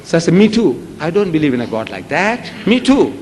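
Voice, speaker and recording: In an echoey hall with faint background noise, an older South African Indian-accented man gives a public religious lecture as an Islamic lecturer. His voice leans high and his pace a little fast. He acts out the voices in his stories, building into rising shouts.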